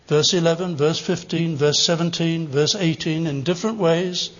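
A man's voice: sits high, fairly bright tone. Older male preacher in a reverberant hall. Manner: earnest, rising to emphatic stresses on repeated phrases. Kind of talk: sermon. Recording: dull reverberant hall recording.

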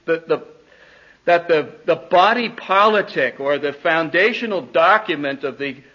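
A man teaching a church congregation, speaking deliberately, restarting phrases and putting questions to his listeners, on a dull lo-fi recording. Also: a little high, bright, forceful tone, breathy edge. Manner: deliberate, repeats words, questions the audience. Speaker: pastor teaching a church class.

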